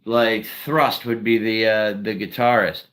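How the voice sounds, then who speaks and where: A man's voice: lowish voice, steady tone, a little slow, fairly bright tone. A man chatting casually on a solo live stream, rambling and heavy on fillers. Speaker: streamer and singer-songwriter.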